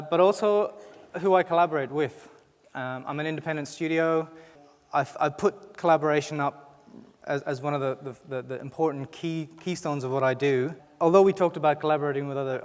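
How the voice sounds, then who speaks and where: A man's voice: a little high, smooth. A man with an Irish accent giving a conversational conference talk, often restarting his sentences. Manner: conversational, frequent restarts and fillers. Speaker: conference speaker. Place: conference hall. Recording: reverberant hall.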